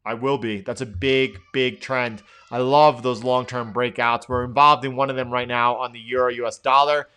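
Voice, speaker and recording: A man's voice: mid-range voice, fairly even intonation, normal speed, few pauses, pushed and bright, smooth. A middle-aged man hosting a live trading stream, thinking aloud through chart commentary with lots of fillers and restarts.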